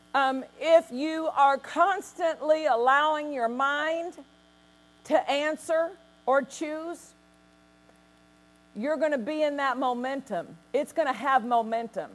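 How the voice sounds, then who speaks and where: A woman pastor preaching a sermon, telling stories with lively quoted voices and bursts of acted laughter. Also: high voice.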